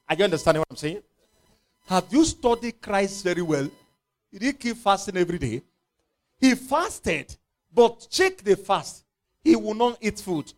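A male preacher, giving an impassioned sermon and acting out the scripture scenes in voices. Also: high-pitched.

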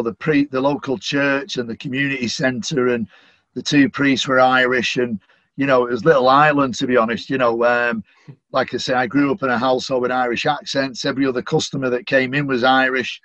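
This stadium announcer, a middle-aged man from Manchester, England, guests on a podcast and chats in a Mancunian accent with frequent "you know" fillers. The medium-pitched voice stays steady, fairly quick and fairly bright, with no room sound but lo-fi quality.

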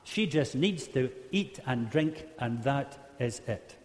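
Animated preacher man in a reverberant hall. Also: mid-range voice, slow pace. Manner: humorous, animated, acts out quotes in varied voices. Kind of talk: sermon storytelling to a live group.

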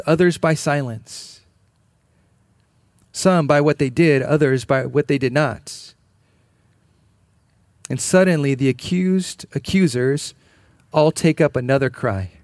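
A man's voice: on the high side, slow pace, pauses often, darkish tone, no room sound, clean studio sound. A man preaching a sermon in an earnest, emphatic way, repeating key phrases. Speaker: pastor.

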